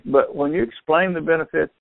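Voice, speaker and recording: An older man, a store owner telling sales stories excitedly over a tinny phone line, acting out what people said. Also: on the high side, a little fast, creaky, no echo. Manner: excitable storyteller, acts out quotes. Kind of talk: phone conversation.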